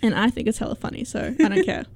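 A young woman in casual chat, defending her view with laughter and quick interruptions. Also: fairly high pitch, big pitch swings, a little mellow. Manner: defensive, laughing, talks over the other speaker.

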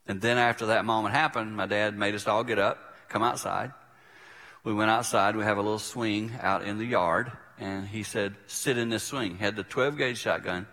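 An older man, a preacher, telling a personal story in a sermon and acting out the voices in it, sometimes dropping to a hush. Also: on the low side. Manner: vivid storyteller who acts out quoted voices. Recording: reverberant hall.

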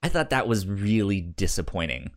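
Halting male podcast co-host. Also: low-pitched, animated. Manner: halting, many restarts and fillers. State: hiccups. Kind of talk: casual chat.

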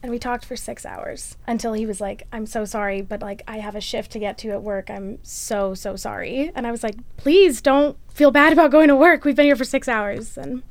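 A woman's voice: medium pitch, fairly even intonation, a little fast, gravelly, hardly any pauses, no echo. A young woman and college student, chatting animatedly through a personal story for a podcast, with lots of "like". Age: young adult. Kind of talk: storytelling interview.

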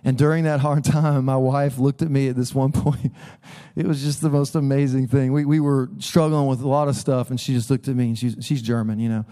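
Animated pastor with a mellow voice. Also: male voice, mid-range voice, fairly quick. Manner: animated, conversational, acts out voices. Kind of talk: sermon. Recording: long hall reverb.

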